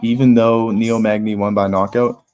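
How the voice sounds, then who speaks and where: A man's voice: lowish voice, little pitch movement, normal speed, a little mellow, clear, resonant tone. A young man hosting a live fight watch party, talking casually and bluntly with slang and swearing. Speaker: livestream host.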